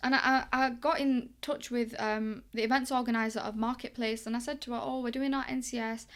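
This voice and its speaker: This guest is a young English boxing coach with a higher voice and a fairly quick delivery. In a casual interview she tells stories in a chatty, spirited way, dramatizing the dialogue.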